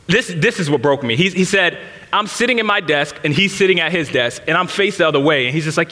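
A man in his thirties preaches, his fairly high voice bright and forceful. He tells a candid personal story and speaks straight to his listeners, while a long reverb hangs in the large hall. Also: animated, quick pace. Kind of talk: sermon told as personal story.

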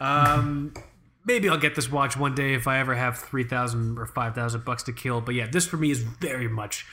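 A young man co-hosting a podcast, animated and joking, with lots of swearing in casual chat. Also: medium pitch, normal speed. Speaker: podcast co-host. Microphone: studio microphone.

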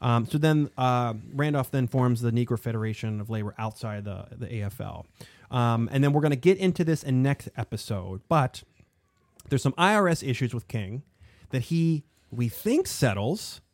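A man hosting a casual history podcast, talking in an animated, rambling way with lots of fillers. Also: mid-range voice, moderate pace, no echo. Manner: animated, digressive, frequent fillers. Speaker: podcast host.

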